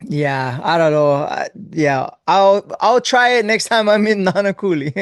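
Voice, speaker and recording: Podcast host guy, kinda high voice, super dry close sound, jokey and laughing a lot. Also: slow pace, no room sound. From Hawaii. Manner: laughs often, teasing and relaxed. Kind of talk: casual chat.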